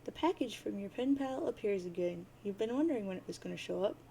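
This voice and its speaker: A woman reads a webcomic aloud in a relaxed, chatty way, dropping offhand asides as she goes. Her voice is mellow and sits at a middle pitch. A faint hiss runs behind the recording. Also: fast talker, gravelly, poor audio. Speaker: webcomic reader, channel host. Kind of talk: casual read-aloud narration.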